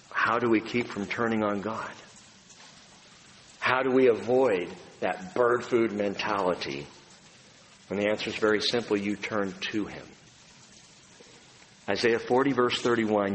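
A man's voice: medium pitch, a little hiss or hum. A male pastor delivering a conversational sermon to a congregation, now and then acting out quoted voices. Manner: conversational preaching with acted-out quotes. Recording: echoey hall recording with faint ambience.

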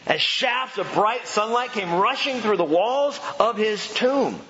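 Animated man preaching in an echoey hall. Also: high-pitched, unhurried, noisy background. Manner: animated, emphatic, joking asides. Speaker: pastor. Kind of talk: sermon. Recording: echoey hall, dull lo-fi sound.

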